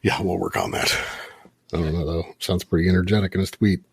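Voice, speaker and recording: Male podcast host, lowish husky voice, animated and rambling in loose chat. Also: fairly quick, no echo, clean studio sound. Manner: animated, laughing, rambling with fillers. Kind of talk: casual chat.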